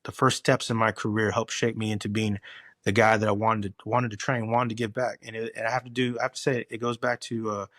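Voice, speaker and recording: A man's voice: lowish voice, brisk, dry recording, studio quality. Earnest male firefighter guest. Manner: earnest, animated storytelling with many restarts. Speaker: guest, career firefighter and instructor. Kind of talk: casual conversational interview.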